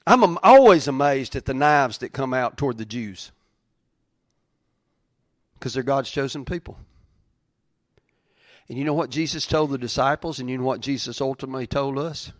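A man preaching a sermon in a plain-spoken, folksy way, repeating phrases for emphasis and swinging between loud and soft. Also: mid-range voice, expressive, normal speed, long pauses, no echo. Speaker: pastor.

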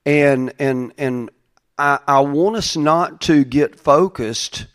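A man's voice: a little high, takes it slowly. A middle-aged man, a pastor, giving a conversational sermon in a folksy way, with side stories and frequent restarts.

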